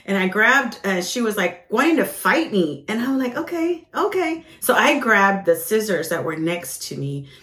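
A woman hosting a ministry podcast, telling a personal testimony with lively acted-out quotes and plenty of fillers. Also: medium pitch, normal speed, few pauses, echoey room. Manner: animated storyteller, acts out quoted voices, frequent fillers.

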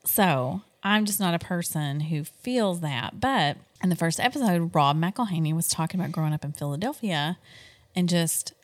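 Middle-aged woman, podcast co-host at home, chatty rambling storyteller, slightly low pitch. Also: lively intonation, moderate pace. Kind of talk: casual chat.

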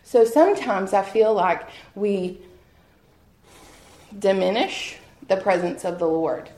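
A woman giving a heartfelt personal testimony at a church gathering, earnest and quick to laugh at herself. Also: mid-range voice, warm tone. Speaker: guest speaker sharing testimony. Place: church hall with an audience. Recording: roomy hall echo.

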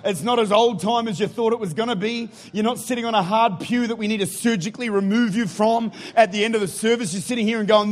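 A man's voice: high voice, fast, hardly any pauses. A man preaching a sermon in a church, rousing the congregation with energy. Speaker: guest preacher.

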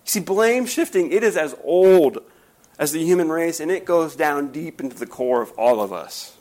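Emphatic storytelling preacher. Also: male voice, a little high, expressive, moderate pace, darkish tone, poor audio. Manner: storytelling, emphatic, rhetorical questions. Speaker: pastor. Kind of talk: sermon.

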